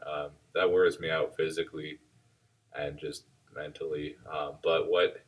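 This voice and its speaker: Deep husky man, reflective. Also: a bit bright, distant mic. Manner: thoughtful, reflective, speaks in measured phrases. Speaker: martial arts instructor, podcast co-host. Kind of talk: casual chat.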